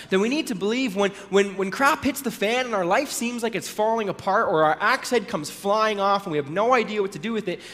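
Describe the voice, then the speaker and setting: A man's voice: high-pitched, a bit bright. A male pastor giving a conversational sermon, telling a story with casual asides and little acted voices. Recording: long hall reverb.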